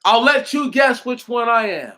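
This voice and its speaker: Man reading scripture slow and careful, high bright voice, then jumping in with slangy remarks. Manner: slow, deliberate reading broken by lively slangy asides. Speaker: Bible study podcaster. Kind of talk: scripture reading with casual commentary.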